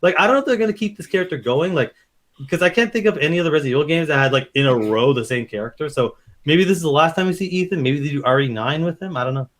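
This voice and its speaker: A young man co-hosting a podcast, giving casual game opinions, animated and profane, acting out quotes. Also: on the high side, very fast. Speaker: podcast co-host. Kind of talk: casual review chat.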